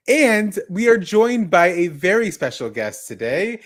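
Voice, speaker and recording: A man hosting a tech livestream, energetic and exclamatory as he welcomes viewers and guests. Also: high voice, measured pace. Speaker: livestream host.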